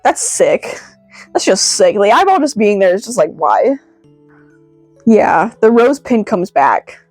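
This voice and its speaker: Woman vlogger, casual excited commentary, heavy filler words, mid pitch, dry sound. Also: moderate pace, no room sound, soft background music. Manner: rambling, many "like" fillers, excitable. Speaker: video reviewer.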